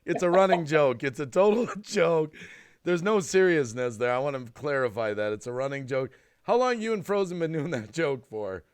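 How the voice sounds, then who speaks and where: A man's voice: fairly high pitch, lively intonation, normal speed, clean tone. Worked-up man hosting a live stream. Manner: worked up and ranting, apologizing for cutting in. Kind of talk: casual live stream chat.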